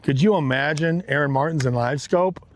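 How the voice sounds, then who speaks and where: A man hosting a live fishing stream from a boat on a lake, talking excitedly to his viewers. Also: a little high, moderate pace, a little hiss or hum. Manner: excited, exclamatory, talks straight to viewers. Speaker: fishing livestream host.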